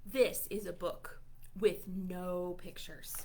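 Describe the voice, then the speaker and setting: A woman librarian reads a silly book aloud to young children at storytime, playful and reacting to the text with mock indignation. Her voice is on the low side and dark in tone, with fairly even intonation and a slow pace.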